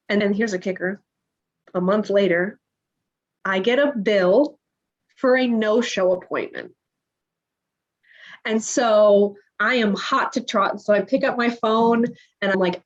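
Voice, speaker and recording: A woman's voice: medium pitch, a little slow. A woman in her thirties recounting a personal story in a casual interview, acting out the dialogue with animation. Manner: animated retelling, acts out quoted dialogue. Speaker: podcast guest. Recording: dull lo-fi audio.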